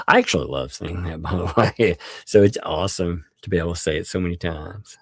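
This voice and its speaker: Man, livestream host, very deep voice, gravelly, lively pitch, dry close sound, casual rambling thank-yous, chuckles often. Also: moderate pace, no echo. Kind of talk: casual live stream chat.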